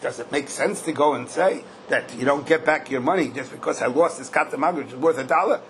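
A man's voice: fairly high pitch, fast, a bit bright, rough recording. An older man leads a Talmud class in a slightly raised voice. He asks questions in a lilting singsong and hits key points with sudden bursts. A faint hiss sits under the recording. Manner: questioning singsong, bursts of emphasis, Yiddish-style Hebrew terms. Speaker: Talmud teacher.

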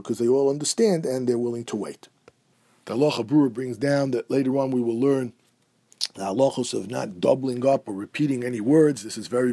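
A man teaching a halachic lesson, explaining Hebrew quotes in a steady way. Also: mid-range voice, husky. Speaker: Torah teacher. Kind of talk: halachic lecture.

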